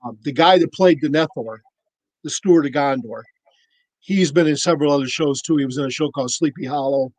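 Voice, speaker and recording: A man on a podcast telling a casual, animated story and acting out the voices of the people in it. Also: a little high, a little fast, no room sound, low-quality recording. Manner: animated anecdote-teller, acts out quoted voices. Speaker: podcast cohost.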